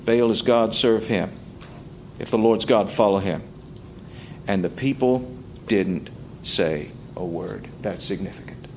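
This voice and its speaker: A man's voice: fairly low pitch, a little slow, long pauses, slight background noise, low-quality recording. Man preaching an expository sermon. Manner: swings from quiet to loud, mocking quoted taunts.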